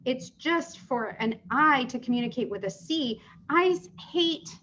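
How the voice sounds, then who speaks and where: A woman's voice: high voice, expressive, a little slow, a bit bright, a little hiss or hum. Chatty woman teaching a sales class. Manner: chatty, explains with questions to the group. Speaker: sales trainer. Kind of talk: live training session. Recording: dull lo-fi sound.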